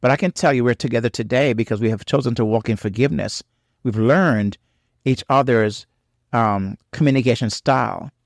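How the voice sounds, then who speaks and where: A man's voice: mid-range voice, no echo. Earnest guy doing faith-based marriage teaching, lots of um and you know, preachy rises, dead dry close mic. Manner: earnest, repetitive phrasing with frequent um and you know. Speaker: podcast co-host on marriage.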